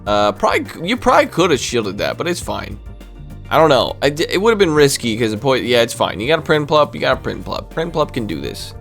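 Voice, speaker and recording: A man casually commentating on a video game battle, reacting aloud to each move with quick bursts of excitement. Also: medium pitch, creaky, soft background music. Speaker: gaming commentator.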